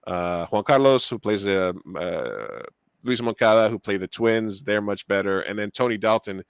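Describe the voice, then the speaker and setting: A man with a fairly low voice talks through a podcast conversation in a loose, rambling way. He gets animated, piles on fillers and restarts, and sounds close and dry with no room around him. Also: moderate pace, gravelly, clear, resonant tone, no echo. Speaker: podcast co-host. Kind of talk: casual chat.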